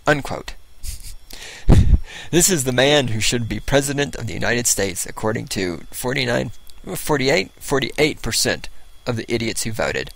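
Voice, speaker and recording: A man with a gravelly, creaky voice delivers sarcastic political commentary. He rants and mocks, reading quotes aloud with open scorn. His pitch sits in an ordinary middle range. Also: animated, unhurried, fairly bright tone, rough recording. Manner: mocking, ranting, reads quotes aloud with scorn. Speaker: host of a political commentary show.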